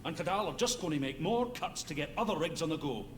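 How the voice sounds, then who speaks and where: Ranting Scottish rig diver with a lively delivery, voiced by a man; echoey noisy mix. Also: fairly high pitch, fast talker, close to an everyday voice. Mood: heated. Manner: heated, ranting. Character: fiery Scottish union-minded rig diver. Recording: echoey game audio with noise.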